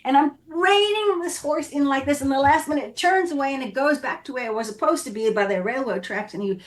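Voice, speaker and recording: A woman from South Africa, an actress guest, telling animated stories in a casual interview and acting out the scenes and voices as she goes. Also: sits high, brisk.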